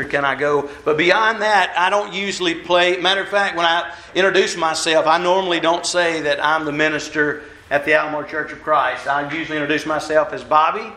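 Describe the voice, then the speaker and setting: A man's voice: on the high side, sharp tone. Folksy man preaching in an echoey hall. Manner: folksy, self-deprecating, moves around while preaching. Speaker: minister. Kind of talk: conversational sermon. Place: church hall.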